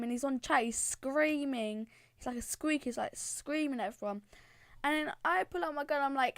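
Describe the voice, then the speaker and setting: A woman with a high voice tells a gaming story in an excitable, rambling way. The recording is dry and close. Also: normal speed, no room sound. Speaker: channel creator. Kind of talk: casual gaming storytime narration.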